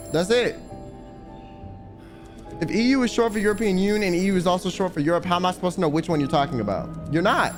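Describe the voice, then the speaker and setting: Combative, profane young American man streamer. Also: a little high. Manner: profane, argumentative, answering chat. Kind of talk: casual stream chat. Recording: music playing behind.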